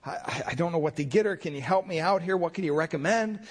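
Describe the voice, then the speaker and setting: A man's voice: on the high side, fast, in a large hall, close to an everyday voice. A man voicing a frantic, stingy male shopper who stammers and pleads.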